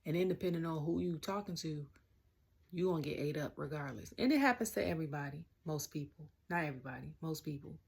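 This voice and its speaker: Young Southern woman, low pitch, raspy, chatty reviewer rambling with slang. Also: fast talker. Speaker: wrestling show reviewer. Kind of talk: casual rant-style review.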